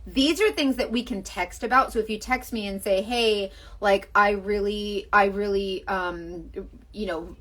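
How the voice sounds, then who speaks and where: A woman's voice: mid-range voice, a little slow, fairly bright tone. A young Southern American woman with a Southern accent, chatting on a makeup livestream in a gushing, rambling way, full of fillers. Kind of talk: casual livestream chat and makeup demo.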